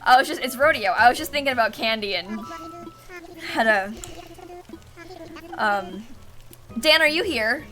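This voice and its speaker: A young woman chatting away on a live stream as she plays, her voice bright and a little high. She giggles easily and pleads or exclaims at the game. Faint music plays underneath. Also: expressive, unhurried, long pauses. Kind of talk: casual live-stream chat while gaming.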